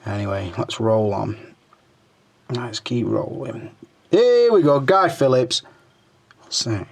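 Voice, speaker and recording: A man's voice: mid-range voice, big pitch swings, slow, gravelly. Crude, joking middle-aged guy. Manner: crude, joking banter full of swearing, muttering under his breath while scrolling. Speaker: toy reviewer and channel host. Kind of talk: casual chat reading viewer comments.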